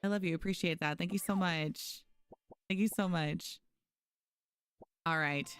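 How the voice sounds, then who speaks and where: A woman's voice: on the low side, steady tone, unhurried, smooth, no room sound. A woman streaming a game live, chatting casually with viewers and thanking them by name. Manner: frequent restarts and fillers. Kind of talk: casual live gameplay commentary.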